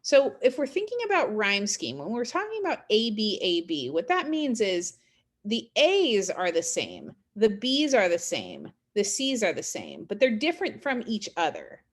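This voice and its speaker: A woman teaching a college English class in a recorded lecture. She explains literary terms conversationally, with fillers and check-in questions, and reads poems aloud slowly. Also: medium pitch, huge pitch swings.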